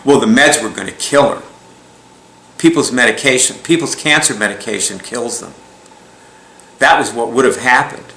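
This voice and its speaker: A man's voice: mid-range voice, moderate pace, long pauses, pushed and bright, slight background noise. A man telling a story in a casual, rambling way, chuckling often and restarting his sentences. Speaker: speaker recounting a client story. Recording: echoey room.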